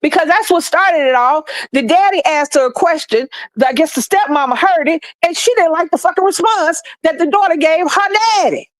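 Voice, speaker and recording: A woman's voice: very high voice, normal speed, hardly any pauses, no echo. Heated, profane woman ranting. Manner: blunt, profane, heated, repeats for emphasis. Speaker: streamer sharing opinions. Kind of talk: passionate ranting monologue.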